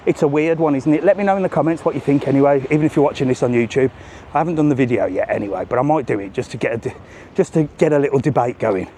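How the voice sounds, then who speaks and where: A man's voice: mid-range voice, rapid-fire, warm tone, a little hiss or hum. A man doing a live walking travel vlog, chatting and joking with passers-by. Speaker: travel vlogger. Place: outdoors on a seafront promenade.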